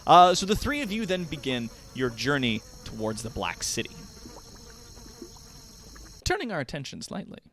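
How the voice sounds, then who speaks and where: Animated game master with a lively voice. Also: male voice, medium pitch, moderate pace, pauses often, slight background noise. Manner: animated, laughing often, filler-heavy. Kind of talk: narrating a tabletop game.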